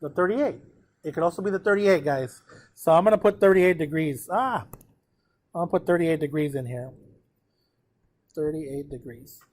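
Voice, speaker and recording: A man's voice: fairly high pitch, normal speed, pauses often, a little mellow. A man teaching a math lesson, working through a graph step by step, counting aloud and addressing his students directly.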